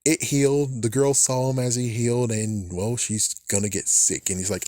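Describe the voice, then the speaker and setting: A man's voice: fairly even intonation, normal speed, few pauses, a little mellow, no echo, studio quality. Swearing, ranting male fan reviewer. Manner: ranting, swears a lot, mocks characters; mimics characters' lines in a higher voice. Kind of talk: casual episode recap.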